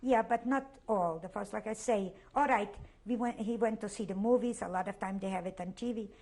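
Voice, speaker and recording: Older polish-accented lady, halting and emotional, repeats herself, middle pitch. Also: darkish tone. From Poland. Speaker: interviewee. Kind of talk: oral history interview.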